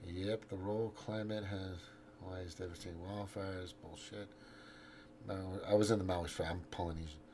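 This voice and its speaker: A man's voice: sits low, steady tone, moderate pace, darkish tone, slight background noise. A man hosting his own show, rambling through a profane casual political rant while scrolling and reading out his posts. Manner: frequent restarts and trailing off. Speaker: show host.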